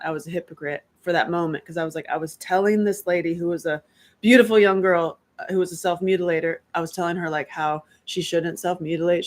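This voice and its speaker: A middle-aged woman from North Carolina hosting a casual live-stream chat, candid and animated, laughing often and tossing in quick asides. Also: fairly low pitch. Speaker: host.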